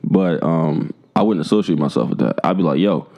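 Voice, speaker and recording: A young man co-hosting a podcast in casual chat, animated, laughing and swearing freely. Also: extremely low pitch, a little fast, gravelly, highs cut off. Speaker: podcast co-host.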